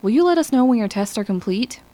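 A woman's voice: on the high side, lively intonation, dark tone, pitched above the performer's own voice, lightly acted. A woman voicing an impatient male mathematician who mutters and speaks hastily in an audiobook. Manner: hurried, muttering.

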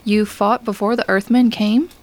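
A woman's voice: mid-range voice, steady tone, moderate pace, a little mellow, lightly acted. A woman reading the part of an earnest, idealistic young man in a science fiction audiobook, speaking persuasively. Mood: concerned.

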